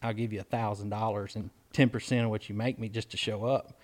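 A man's voice: lowish voice, fairly even intonation, a little fast, darkish tone. Folksy man telling stories. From Mississippi, US. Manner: rambling and folksy, with restarts and acted-out quotes. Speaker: podcast co-host. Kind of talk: casual storytelling chat.

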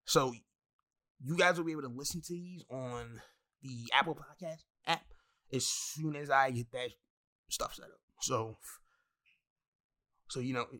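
A young man hosting a solo podcast, talking in a profane, excitable, rambling way with many restarts. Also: medium pitch, unhurried, long pauses. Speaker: podcast host. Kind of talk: solo wrestling podcast rant.

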